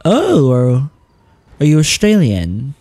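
A man giving comedic let's-play commentary, playful and over the top, yelling at game characters. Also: a little high, wildly swooping pitch, slow pace. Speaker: gaming YouTuber.

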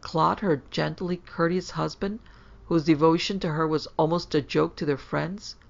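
A woman narrates a classic ghost story for a podcast in a measured, dramatic way. Her voice is gravelly with a creaky edge. The sound is a bit dull and lo-fi. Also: low-pitched, steady tone.

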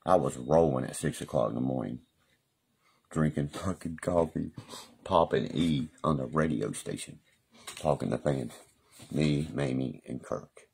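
A man's voice: very deep voice, unhurried, gravelly, a little mellow, breathy edge. A man rambling profanely and boastfully through stories on a live stream. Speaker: livestreamer.

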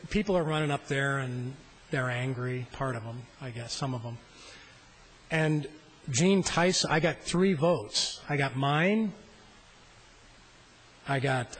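A man's voice: on the high side, fairly bright tone, slight background noise, poor audio. A middle-aged man, a state senator, giving a floor speech in a legislative chamber at a floor microphone, telling a rambling, self-deprecating story.

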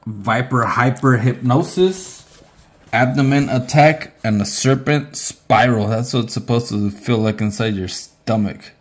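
A man speaks slowly and unhurriedly in a casual home video. His mouth and throat are on fire, and his eyes water as he groans and hiccups through the heat. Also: medium pitch. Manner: reading label aloud, then groaning and hiccuping from spice. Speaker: challenge participant.

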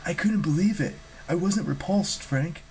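A man's voice: sits high, normal speed, a little mellow, a little hiss or hum, voice pushed up, rough recording. A man voicing an earnest, reassuring teenage girl in a storybook.

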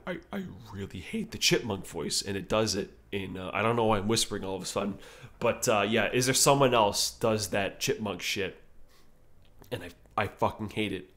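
Slow-talking, profane male music reviewer. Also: on the low side, fairly bright tone. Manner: profane, enthusiastic, rambling with many fillers. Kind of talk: casual spoken album ranking.

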